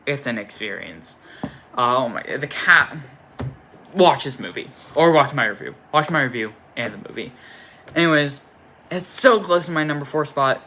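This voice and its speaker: Bright-voiced young man rambling about films. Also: mid-range voice, expressive, normal speed. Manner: rambling and enthusiastic, with many fillers and restarts. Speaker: film reviewer. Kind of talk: casual spoken movie review.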